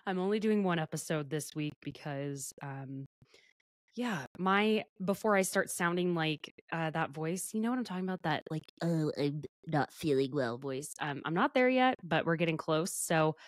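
A woman's voice: lowish voice, moderate pace, no room sound, studio quality. A woman hosting a podcast in casual chat, a little under the weather with a sore throat, talking freely and laughing often. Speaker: podcast host.

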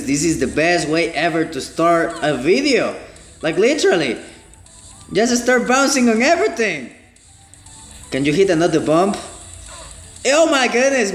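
A man with a high, lively voice gives let's play commentary, breaking into excited exclamations as he plays. He speaks at an unhurried pace in a roomy, echoing space with faint game music behind him. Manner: excitable, exclaims and laughs often. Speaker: gaming channel host.

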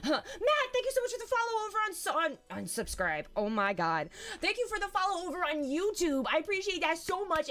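Bubbly woman live-streamer with a very high, animated voice, over light background music. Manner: bubbly, giggly, greets viewers as baby and dude. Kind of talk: casual live-stream chat with viewers.

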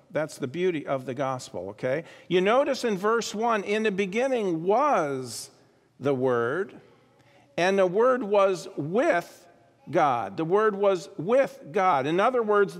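A man preaching a sermon as pastor, emphatic, repeating key phrases and dropping into quiet asides. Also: sits high. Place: church sanctuary. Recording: long hall reverb.

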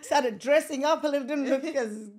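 A woman, telling her own story as a podcast guest, animated and rambling, laughing often and dropping into whispers. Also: high voice, normal speed. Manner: animated, laughs often, drops to a whisper for asides and remembered thoughts; rambling, with many fillers and restarts. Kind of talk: casual storytelling in a conversation.

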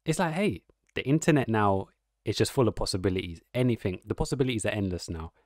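A man's voice: lowish voice, lively intonation, fast talker, darkish tone, no room sound, clean studio sound. A man giving casual, rambling reaction commentary, amused and musing aloud as the host.

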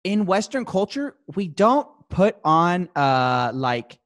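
A man's voice: high voice, big pitch swings, slow pace, a bit bright, no room sound, studio quality. A young man hosting a casual comedic chat, playfully enthusiastic and joking. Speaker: host.

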